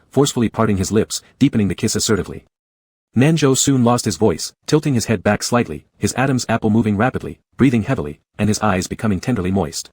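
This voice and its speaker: Male narrator reading a romance story, low husky voice, dry close sound. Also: darkish tone, no room sound.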